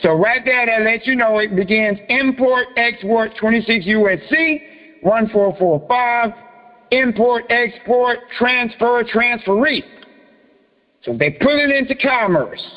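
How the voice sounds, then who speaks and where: High-voiced man, echoing joking talk. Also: unhurried, bright, forceful tone. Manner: joking, profane and laughing, then reading out a form letter. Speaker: host of a private group meeting. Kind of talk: casual teaching talk. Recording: long echoing reverb.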